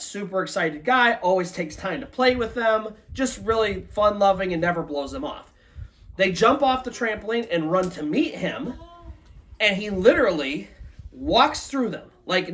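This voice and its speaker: This live ghost story retelling comes from a storyteller with a medium-pitched, fairly bright voice. It's told loosely and casually, with lots of "like" and "kinda."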